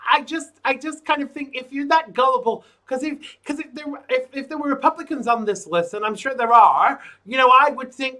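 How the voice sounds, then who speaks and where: A male talk show host with a high, bright, forceful voice. He talks in a brash, blunt, mocking way and keeps a casual chat moving. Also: fairly quick, few pauses.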